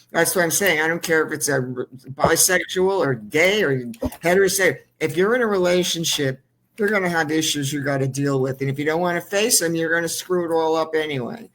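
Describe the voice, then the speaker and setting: A woman's voice: low-pitched, a little fast, slight background noise. A woman hosting a talk show interview, blunt and opinionated, with a teasing edge. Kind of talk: casual interview chat.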